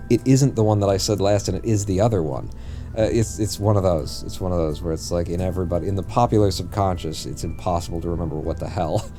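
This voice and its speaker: Low, dark-voiced man rambling on stream. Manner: rambling, jokey, often corrects himself mid-sentence. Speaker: game streamer. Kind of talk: casual live-stream chat while playing.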